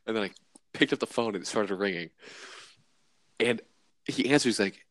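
A man's voice: fairly low pitch, fairly quick, long pauses, no echo. A young man co-hosting a casual podcast, telling stories with a laugh and acting out quotes. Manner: laughing, animated storytelling with acted quotes. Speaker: podcast co-host.

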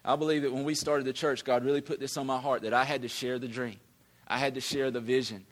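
Emphatic pastor preaching. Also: male voice, medium pitch, little pitch movement, fast talker. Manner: conversational, emphatic preaching with repeated words. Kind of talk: sermon.

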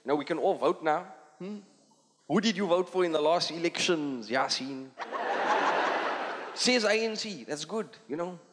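A man with a South African Indian accent delivers a stand-up set in a high, bouncing voice that rises and falls constantly. He slips into quick character voices as he goes. The recording comes from a live theatre, with long hall reverb and a loud audience underneath. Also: a little hiss or hum. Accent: South African Indian English. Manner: animated, acts out characters in quick put-on voices. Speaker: stand-up comedian.

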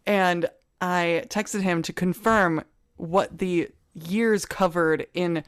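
An American woman co-hosting a history podcast, talking quickly and playfully in casual chat. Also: on the low side, steady tone. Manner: quick, playful, self-mocking. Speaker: podcast co-host.

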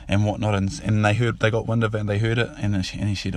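A man with a fairly low pitch and little pitch movement talks fast with hardly any pauses, and there's no room sound. He's a father casually telling a fable and its lesson in spoken storytelling, rambling loosely and informally and repeating himself.

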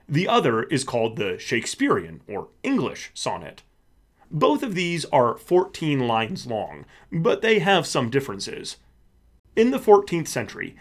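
Slow, lively male lesson narrator. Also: a little high. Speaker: podcast host. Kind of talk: scripted educational narration for kids.

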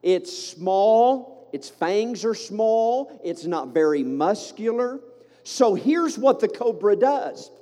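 A Southern American pastor preaches into a microphone with a notably high-pitched voice, fervent and punchy, tossing joking asides to his congregation. His words ring through a church sanctuary with a long, trailing reverb. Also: expressive, slow pace, dark tone. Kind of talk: sermon.

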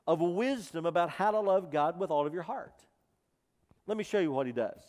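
A man preaching a sermon as pastor, impassioned, moving between loud emphasis and hushed intensity. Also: high-pitched, expressive, moderate pace. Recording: reverberant hall.

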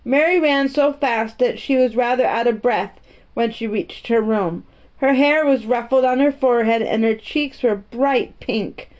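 A woman's voice: fairly high pitch, a little slow, a little mellow. Woman reading a storytime aloud. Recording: muffled lo-fi recording.

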